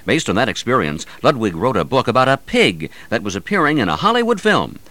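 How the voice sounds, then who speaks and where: A man presents a radio news feature in a scripted, announcer style. His pitch swings widely from line to line, which gives the read a lively, sing-song feel. He sits at a middle pitch for a man. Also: a little fast, no echo.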